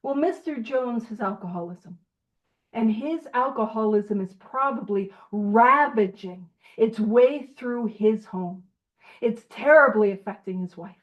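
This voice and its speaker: A woman's voice: a little high, measured pace. A woman leading a recovery book study group, teaching in a casual, playful way and laughing often. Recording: dull lo-fi audio.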